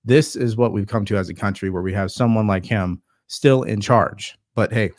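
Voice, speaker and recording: A man hosting casual political commentary, talking slowly with lots of fillers and a sarcastic edge. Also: lowish voice, dry recording, studio quality. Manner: slow, hesitant with many fillers, sarcastic.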